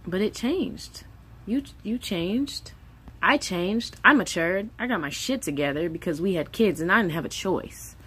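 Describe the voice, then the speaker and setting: A woman's voice: lowish voice, husky. A woman in her thirties, a mother of three, talking candidly and emotionally in a casual vlog monologue, swearing freely.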